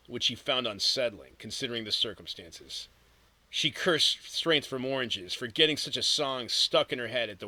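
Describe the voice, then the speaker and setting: A man narrating an audiobook in a steady storytelling read with vivid emphasis. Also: medium pitch, no echo, low-quality recording.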